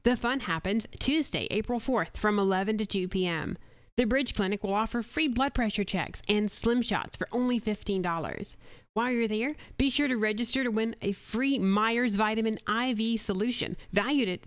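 A woman's voice: a little high, normal speed, dry recording. A woman voicing a local radio commercial with an upbeat, punchy announcer delivery. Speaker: commercial voice-over artist.

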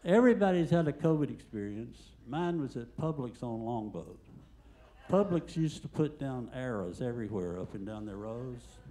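An older man doing a stand-up comedy set in a comedy club, telling deadpan jokes and acting out the quotes. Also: medium pitch, normal speed, a little hiss or hum.

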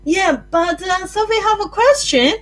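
A woman with a New Zealand accent leading a circle-time lesson for young children, with a sing-song, animated way of talking. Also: extremely high pitch, measured pace. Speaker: early childhood teacher.

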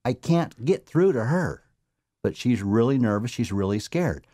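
A man's voice: medium pitch, lively intonation, a little slow, warm tone, no echo, voice pushed up. A man voicing the ghost of a dead male friend who insistently pleads to pass on a message.

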